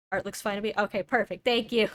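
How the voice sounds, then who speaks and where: A woman's voice: mid-range voice, fairly bright tone, no echo. A young woman streamer chatting casually while she draws, thinking aloud and doubting herself as she goes. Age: young adult.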